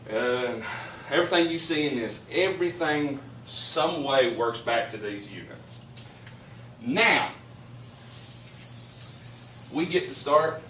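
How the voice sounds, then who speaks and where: A male teacher, talking to a classroom and spinning a story with plenty of energy. He is picked up from across an echoey room, and the recording carries a steady background noise. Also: mid-range voice, slow, long pauses. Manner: animated storyteller, laughing while telling. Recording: echoey classroom from far off, noisy.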